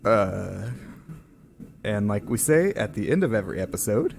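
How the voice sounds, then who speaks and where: A man co-hosting a podcast in casual chat, slightly hoarse from being sick, rambling with many hesitations. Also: lowish voice, very animated, normal speed, a little mellow, a little hiss or hum. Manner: rambling, hesitant, lots of ums. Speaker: podcast co-host.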